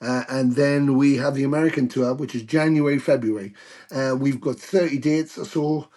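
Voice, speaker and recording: A British man in his older years, a guest musician telling stories in a casual interview, animated and swearing freely. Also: medium pitch, normal speed. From United Kingdom.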